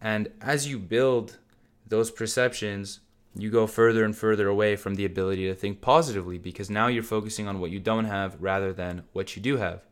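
Man, podcast host, motivational monologue, blunt and profane, lowish pitch, smooth clear voice. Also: fairly even intonation, fairly quick. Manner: blunt, casual, swears freely, direct address to listeners.

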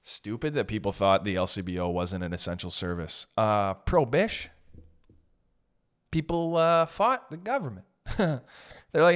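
A young man doing a casual comedic monologue, rambling and joking with swerving pitch and pace. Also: animated, unhurried, fairly bright tone. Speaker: comedian host.

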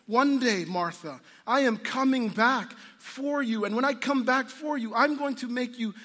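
A preacher voicing a gentle, loving savior. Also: male voice, extremely high pitch, a little slow, in a large hall, exaggerated voice. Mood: tender. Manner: gentle, earnest, repeating the listener's name. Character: patient, loving male savior speaking gently.

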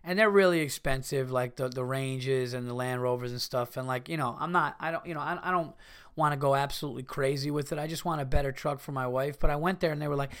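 A man hosting a casual solo podcast, ranting in a profane, animated way. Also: medium pitch, fast, clean tone. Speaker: podcast host.

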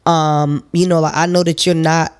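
A woman's voice: sits low, little pitch movement, moderate pace, smooth. A woman in casual relationship talk who speaks hesitantly, filling her sentences with "like" and "you know". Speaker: podcast co-host.

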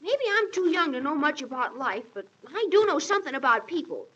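A plucky little orphan girl, squeaky high, bright exclaiming voice, lo-fi 1930s radio sound. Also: very animated, a little fast. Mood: earnest. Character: plucky young orphan girl, cheerful and spunky. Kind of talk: 1930s radio drama acting. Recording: dull lo-fi 1930s radio recording.

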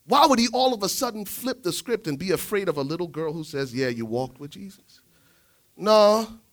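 A man preaching a sermon, telling the story dramatically, swinging from shouts to hushed asides. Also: sits high, animated, brisk.

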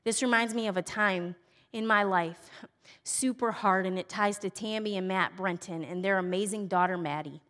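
A middle-aged woman speaking at a women's church event, telling personal stories earnestly and moving between bright emphasis and hushed, tender softness. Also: mid-range voice, normal speed. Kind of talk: personal teaching talk. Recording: long reverb of a large hall.

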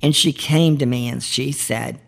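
A woman's voice: very deep voice, measured pace, gravelly. A woman hosting a marriage ministry podcast, giving heartfelt devotional teaching in an earnest, pleading way.

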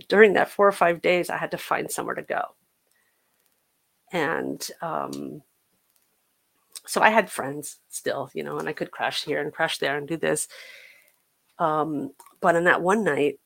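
Speaking in a deep, creaky voice with a bit of brightness, an American woman recounts her own recovery on a podcast where she's a guest. She's earnest but halting, restarting frequently.

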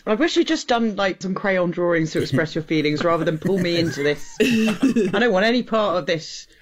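A woman's voice: fairly low pitch, lively intonation, normal speed, a little hiss or hum. A woman co-hosting a casual film-review podcast, sarcastic and swearing, acting out mocking quotes. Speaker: podcast co-host.

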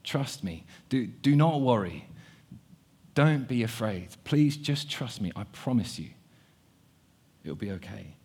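A man voicing a gentle male teacher who speaks softly and reassuringly. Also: medium pitch, animated, slow, long pauses, breathy edge, exaggerated voice. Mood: tender reassurance. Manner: soft, hushed, reassuring.

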